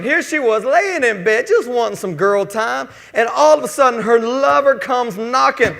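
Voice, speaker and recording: A man with a drawl preaches with folksy, joking energy, his voice sitting unusually high with a gravelly edge. The sound carries long reverb from a church sanctuary. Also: expressive, moderate pace, few pauses, fairly bright tone. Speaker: pastor. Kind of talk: sermon.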